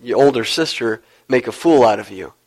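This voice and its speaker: A man voicing a tender old grandmother who speaks softly and calmly. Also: mid-range voice, moderate pace, pitched below the performer's own voice, natural voice, low-quality recording. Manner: soft, tender and calm. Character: loving old grandmother, gentle and amused.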